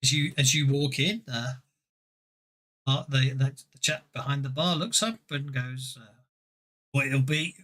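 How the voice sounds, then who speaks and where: A man narrating as game master of a tabletop game, halting and amused. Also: mid-range voice, bright, forceful tone. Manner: halting, self-interrupting, amused.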